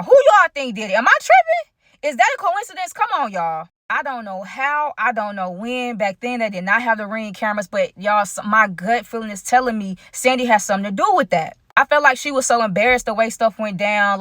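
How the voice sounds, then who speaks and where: Fast, bright-voiced woman telling a story. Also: medium pitch, no room sound, clean studio sound. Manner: animated and chatty, keeps addressing the viewers. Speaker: storytime vlogger. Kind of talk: casual storytime narration.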